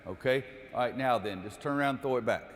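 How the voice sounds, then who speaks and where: Fast and mid-range, with a bit of hiss or hum on the recording, an older man barks repeated drill calls at basketball players. It's an on-court coaching clinic in a gym with long reverb, where he explains each step of a defensive drill.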